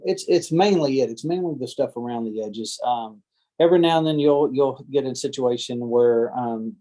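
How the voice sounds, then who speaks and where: Mellow and mid-range, this land surveyor's voice comes through poorly on a computer or headset mic during a video-call training. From a home or office, he gives a team of real estate agents a relaxed, folksy talk, acting out homeowners who are angry.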